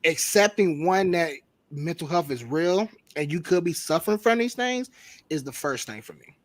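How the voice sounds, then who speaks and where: A man chats on a podcast with a stuffy, congested voice left over from a cold. His voice sits a bit high, and the recording is dry and close. He talks in loose slang and swears freely. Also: expressive, normal speed, no room sound. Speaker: podcast guest. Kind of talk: casual podcast chat.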